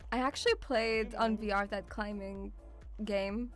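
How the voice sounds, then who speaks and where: A woman's voice: mid-range voice, slow pace, soft background music. A woman streamer reacting to a video, swearing freely, shrieking and laughing in fright and calling her viewers sweetie. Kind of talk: casual reaction commentary.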